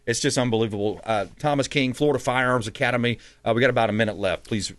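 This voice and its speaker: A man hosting a radio talk show in a casual, animated and indignant way. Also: medium pitch, quick pace.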